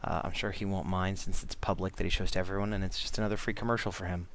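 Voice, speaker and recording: Drawing as he talks, a man vlogs about comic-making in a rambling, casual way, with lots of fillers and false starts. His deep voice stays level and fairly bright, and he talks fast. There's a little hiss or hum on the recording.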